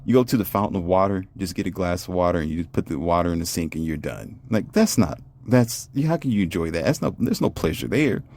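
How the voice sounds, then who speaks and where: A man telling a casual, animated and boastful story with many rhetorical questions. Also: low voice, fast, hardly any pauses. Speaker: vlogger. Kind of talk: casual monologue.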